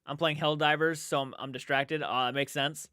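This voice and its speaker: A man's voice: a little high, fairly even intonation, moderate pace, sharp tone, no echo, clean studio sound. A young man hosting a casual late-night livestream, reading chat aloud in a sleepy, yawning, rambling way with restarts. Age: young adult.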